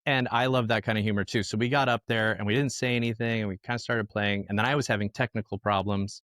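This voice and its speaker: Man telling lively anecdotes, dry sound. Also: lowish voice, fast talker, no room sound. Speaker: guest musician. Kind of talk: casual storytelling.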